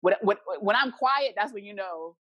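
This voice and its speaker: Her pitch is medium and her pace moderate, and the recording sounds muffled though there's no echo. She's a woman being interviewed, recounting something personal in a relaxed, animated manner and voicing the people she describes.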